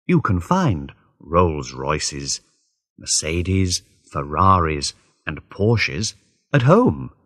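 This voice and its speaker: A male reader narrates a graded story at a very slow, deliberate pace. His voice is fairly low and slightly husky, with a widely rising and falling tone. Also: sing-song, fairly bright tone. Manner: deliberate, clearly spaced phrasing.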